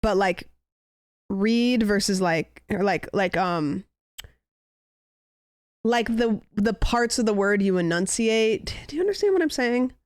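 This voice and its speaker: Young woman, livestream chatter, rambling, musing, smooth voice, mid pitch. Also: lively intonation, measured pace, long pauses, darkish tone, no room sound, studio quality. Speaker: streamer. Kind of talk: casual livestream chat.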